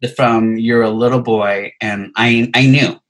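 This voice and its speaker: A man's voice: medium pitch, steady tone, measured pace, a bit bright, rough recording. A young man telling a personal story in casual chat, rambling and full of filler words. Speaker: podcast guest telling a story.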